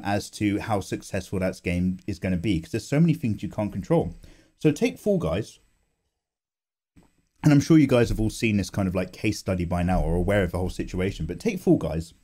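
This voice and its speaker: A young man chatting casually on his art channel as he draws, animated and self-mocking, swearing and laughing as he goes, recorded on a condenser microphone at home. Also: on the low side. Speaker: art YouTuber. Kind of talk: casual chat while drawing.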